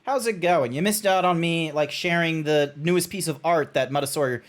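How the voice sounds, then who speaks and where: A man's voice: fairly high pitch, moderate pace. A young Australian man chatting casually while streaming a game, rambling with restarts and frequent swearing.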